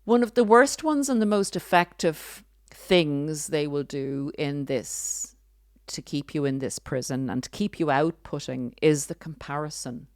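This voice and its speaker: A woman with a notably low, deep speaking voice hosts a podcast, explaining her points in a deliberate, earnest way with flashes of sarcasm. The sound is dry and close, with no room echo. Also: animated. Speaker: podcast host. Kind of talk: earnest spoken commentary.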